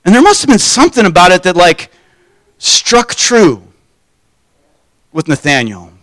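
Man, preacher, casual sermon, slow unhurried delivery, dry close sound. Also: sits high, huge pitch swings, a bit bright, dry recording. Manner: informal, poses rhetorical questions, acts out quoted voices. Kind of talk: conversational sermon.

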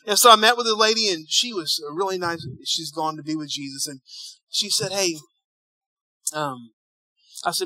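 A man preaching a sermon, telling a story and acting out the dialogue, dropping quiet and then rising loud. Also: high voice, lively intonation, brisk, no room sound, rough recording. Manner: storytelling, acts out dialogue, swings between hushed and loud. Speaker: pastor.

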